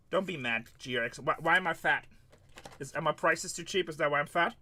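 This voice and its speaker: A man's voice: on the high side, a little fast, pushed and bright. A man hosting a live card-breaking stream, tired, chatting loosely and joking back at viewers' comments. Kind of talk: casual livestream chat to viewers.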